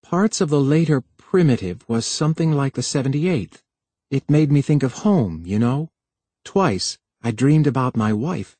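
A man reading the part of an earnest, plaintive young male newcomer, quiet and apologetic. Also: medium pitch, expressive, unhurried, dry recording. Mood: wistful. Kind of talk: audiobook character voice.

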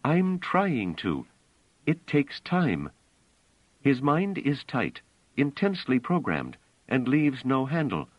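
A man voicing a calm, quick-witted woman with mind powers, in a higher, urgent voice in a dull audiobook recording. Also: no echo, exaggerated voice. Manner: urgent, tense.

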